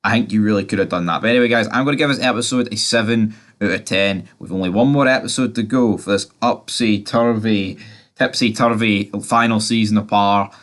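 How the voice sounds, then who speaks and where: Young guy, lowish voice, rambling chatty TV-episode recap with fillers and swearing. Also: brisk, fairly bright tone. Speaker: TV series reviewer. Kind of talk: casual episode recap and review.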